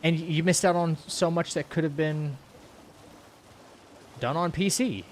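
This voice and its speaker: A man's voice: a little high, steady tone, measured pace, a little hiss or hum. A man streaming a game live, chatting casually with his viewers and reading their messages aloud in a loose, rambling way full of fillers and restarts. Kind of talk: casual live-stream chat while playing.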